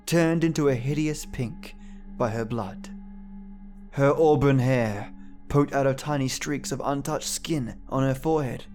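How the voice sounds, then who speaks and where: A man reading a first-person horror story aloud in a measured, somber way. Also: mid-range voice. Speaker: narrator. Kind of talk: scripted horror narration. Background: faint music.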